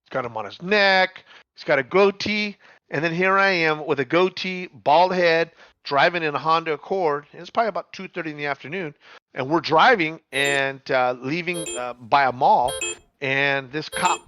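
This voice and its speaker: A middle-aged man telling a story in casual chat, animated, repeating words and swearing freely. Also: fairly high pitch, moderate pace, no echo, muffled recording.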